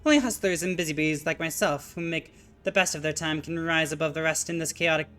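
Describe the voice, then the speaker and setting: Bright-toned, pompous male factory boss from a game with an overdone put-on Italian accent, rattling off hustle talk like time is money, as a streamer puts him on. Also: mid-range voice, natural voice. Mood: boastful. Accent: exaggerated put-on Italian. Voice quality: brisk, boastful, impatient. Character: fast-talking pompous male factory owner. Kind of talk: reading game dialogue aloud.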